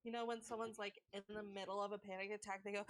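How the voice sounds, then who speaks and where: A woman's voice: mid-range voice, level tone, fast talker, rough recording. A woman player casually describing her character's actions, rambling with constant "like"s. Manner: rambling, packed with "like". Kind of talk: casual game narration.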